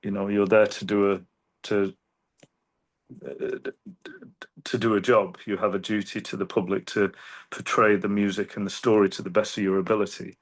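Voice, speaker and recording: A man with a fairly low voice speaks as a guest in an interview. He talks earnestly and reflectively, in an unhurried way. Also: level tone. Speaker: guest singer. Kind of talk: interview conversation.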